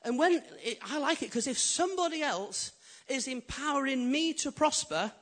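A man preaching a sermon as pastor, swinging from loud, emphatic build-ups to quiet, intimate asides. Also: very high voice, moderate pace. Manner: animated preaching, rising loud then dropping quiet.

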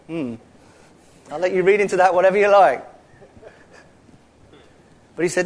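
A man's voice: high voice, animated, normal speed, long pauses. Chatty London-accented man preaching. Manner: chatty, conversational, asides and rhetorical questions. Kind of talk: sermon.

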